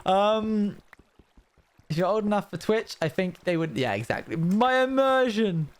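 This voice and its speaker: A man's voice: high voice, very animated, moderate pace, smooth. A young man chatting casually as a streamer, reacting to a video with wry, rambling commentary.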